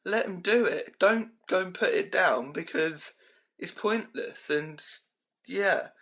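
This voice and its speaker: Filmed at home on a handheld camera, this vlogger is a young man ranting loosely about his pet peeves, tossing in plenty of "um" and "like." He speaks slowly in a high, gravelly voice with a fairly bright tone.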